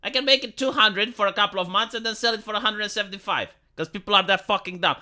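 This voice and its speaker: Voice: mid-range voice, fast talker, sharp tone. A live streamer ranting in a heated, profane, rambling way, sometimes laughing at their own points. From lives in Romania.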